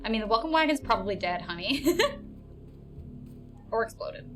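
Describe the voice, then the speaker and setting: A woman's voice: on the high side, animated, unhurried, fairly bright tone, faint music behind. Giggly, gushing woman streamer. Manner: giggly, gushing, rambling to herself. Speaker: game streamer. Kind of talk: casual live-stream chat.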